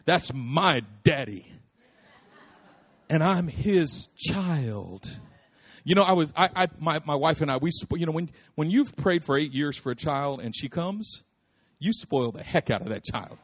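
A man preaching a lively, humorous sermon, repeating phrases for emphasis and calling out to his listeners. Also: a little high, a little slow, husky. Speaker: pastor.

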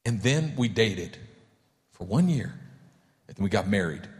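Male pastor, lively swooping delivery, jokey sermon style, reverberant church hall. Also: on the low side, a little slow. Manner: animated, acts out voices for humor.

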